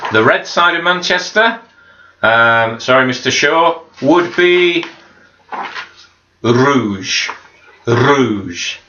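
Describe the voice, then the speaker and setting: A man's voice: fairly high pitch, slow, bright, forceful tone, a little hiss or hum. A man teaching a home-learning video lesson to children, patiently modelling and repeating each word. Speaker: primary school teacher. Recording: slightly dull, roomy home recording.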